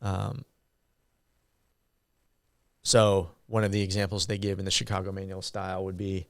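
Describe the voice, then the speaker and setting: A man giving a university grammar lecture, slow and halting with frequent ums and uhs. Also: deep voice, little pitch movement, dry recording, clean studio sound.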